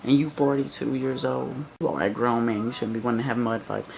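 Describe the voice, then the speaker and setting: Southern US accent, vlogger, sarcastic profane rant, creaky gravelly voice. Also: mid-range voice, fairly even intonation, a little fast, slight background noise, low-quality recording. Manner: blunt, sarcastic, profane ranting. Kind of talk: comic rant to camera.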